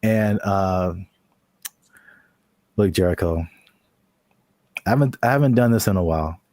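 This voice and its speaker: A man co-hosting a casual tech chat podcast, animated and joking, with sudden high shouted bits. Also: unhurried, dry recording, studio quality. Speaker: co-host.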